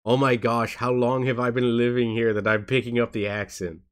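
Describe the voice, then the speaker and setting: A man vlogging to his viewers in a soft, halting way, tired and in pain. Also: mid-range voice, level tone, clean tone. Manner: soft-spoken, halting, with frequent restarts. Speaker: YouTuber. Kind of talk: casual talk to camera.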